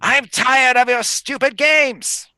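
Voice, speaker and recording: A man voicing a scratchy-voiced old hag who scolds her daughters in a high, screeching voice. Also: fairly even intonation, slow, pushed and bright, smooth, no echo, full character voice. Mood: scolding.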